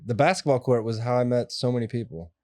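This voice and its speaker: A young adult man telling stories as an interview guest, animated and acting out the voices of people in them. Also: medium pitch, quick pace, dry recording, studio quality. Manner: animated, acts out quoted voices. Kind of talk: casual storytelling interview.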